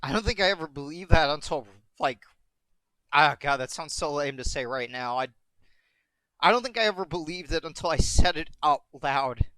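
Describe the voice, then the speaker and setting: A man streaming from home, rambling in a halting, emotional way and close to tears, repeating himself as he searches for words. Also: fairly high pitch, animated, a bit bright, smooth, no room sound. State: tearful, on the verge of crying. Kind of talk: emotional live-stream monologue.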